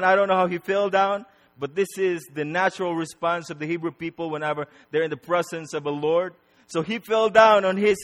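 A man preaching a sermon, repeating words for emphasis and swinging between loud and soft. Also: a little high, in a large hall.

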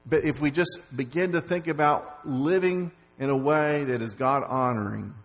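Man preaching in a big echoey hall, kinda high voice, lots of uh and the the the. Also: normal speed, hardly any pauses. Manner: many repeated words and fillers, rising to emphasis. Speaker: pastor. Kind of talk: sermon. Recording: long reverb of a large hall.

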